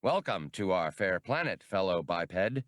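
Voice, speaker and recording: A man's voice: mid-range voice, sing-song, measured pace, fairly bright tone, no room sound, studio quality, voice pushed up. A man voicing a pompous male alien police chief with a forced, hearty manner. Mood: falsely hearty.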